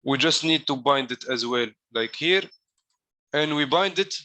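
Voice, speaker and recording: Mężczyzna o jasnym, napiętym głosie, tłumaczy kod krok po kroku. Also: male voice, fairly high pitch, animated, unhurried, pushed and bright, dry recording. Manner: step-by-step explaining while demonstrating. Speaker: coding coach. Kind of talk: live coding walkthrough.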